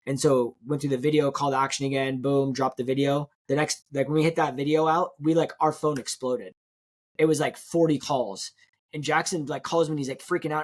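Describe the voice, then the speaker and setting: A man, a real estate agent guest in an interview, telling a story in a quick, animated way and acting out what people said. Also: on the high side. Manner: fast, animated storytelling, acts out quotes.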